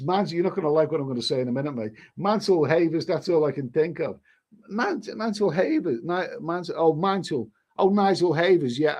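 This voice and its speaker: A man's voice: sits high, a little mellow. A middle-aged man hosting a live stream in casual chat, rambling and often restarting his sentences as he reads viewer comments. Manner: rambling, repeats words, frequent restarts.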